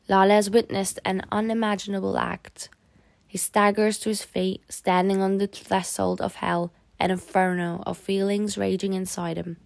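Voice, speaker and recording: A woman narrating a novel in a steady, grave reading voice. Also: mid-range voice, creaky, no room sound. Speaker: audiobook narrator. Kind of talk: scripted narration.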